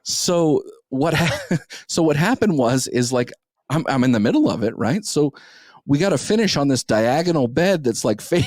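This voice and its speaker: A man's voice: fairly high pitch, a little mellow, no echo, clean studio sound. A young man hosting a podcast, telling a crude, rambling story in a casual, profane way. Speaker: podcast host.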